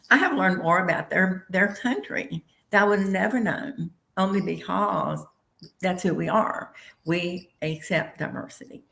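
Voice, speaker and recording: Gravelly woman panelist from Tennessee. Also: on the low side, a bit bright, echoey room. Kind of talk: round table discussion. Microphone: video call.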